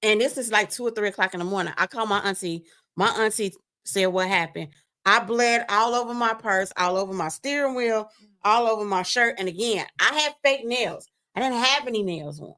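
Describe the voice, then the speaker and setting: A woman telling a painful personal story on a live stream, animated and speaking straight to her listeners. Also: mid-range voice, normal speed. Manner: animated, acts out quoted voices, addresses listeners as "you all". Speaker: guest sharing a testimony. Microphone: remote stream mic.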